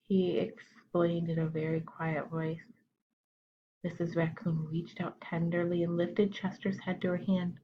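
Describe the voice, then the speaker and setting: A woman's voice: on the low side, little pitch movement, a little slow, husky, lo-fi sound. A woman teacher reading a children's picture book aloud, asking the children questions and explaining words as she goes. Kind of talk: children's storytime read-aloud.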